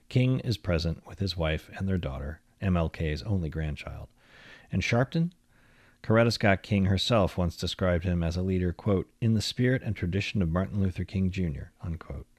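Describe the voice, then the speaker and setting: A man with a low, deep voice reads a long magazine feature aloud. His delivery is measured and literary, carrying the story along at an even storytelling pace. The sound is dry and close, with no room echo. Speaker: narrator.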